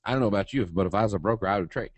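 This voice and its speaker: A man with a lowish voice teaches a trading webinar in a loose, chatty lecture style. He is blunt and folksy and keeps putting questions to his listeners. The sound is dry and close to the mic. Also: racing, no echo.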